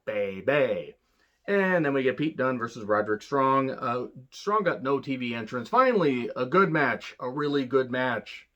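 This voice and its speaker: A man's voice: medium pitch, a bit bright, lo-fi sound. A man giving a casual, profane wrestling review, blunt and sarcastic, rambling with restarts.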